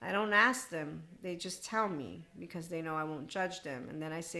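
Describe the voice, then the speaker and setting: A woman in her forties talks through a self-help podcast on her own in a slightly low voice. She rambles from thought to thought with an irreverent, offhand manner. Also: normal speed, few pauses, bright, forceful tone. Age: 40s. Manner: rambling, irreverent, laughing asides. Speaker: podcast host. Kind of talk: solo spiritual self-help monologue.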